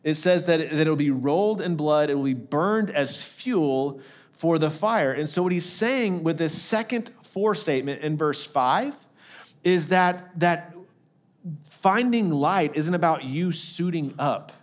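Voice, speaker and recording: A man's voice: fairly high pitch, measured pace. A man preaching a sermon as lead pastor, talking in a conversational way, with frequent restarts and asides to the congregation.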